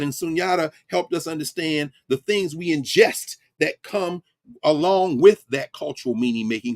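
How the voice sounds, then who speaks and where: A middle-aged man giving an informal, conversational lecture as the host of an online class. He is emphatic and animated, with frequent asides. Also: medium pitch, no echo, clean studio sound. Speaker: professor hosting an online class.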